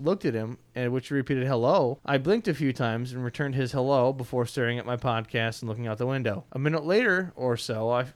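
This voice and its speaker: A man narrating a first-person story in a wry, conversational way, with frequent uh fillers and small stumbles over words. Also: mid-range voice.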